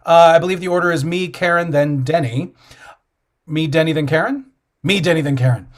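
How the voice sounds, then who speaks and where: A man hosting a live online improv comedy show, briskly calling on players by name over a video call. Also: a little high. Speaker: improv host.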